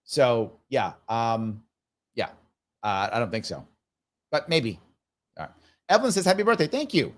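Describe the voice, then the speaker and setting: A man in his fifties hosts a live stream and answers viewer comments as he reads them. He talks casually and thinks aloud, circling back over his own phrases. His voice sits at an ordinary middle pitch. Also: very animated, measured pace, pauses often. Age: 50s. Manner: casual, musing, repeats phrases. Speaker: show host.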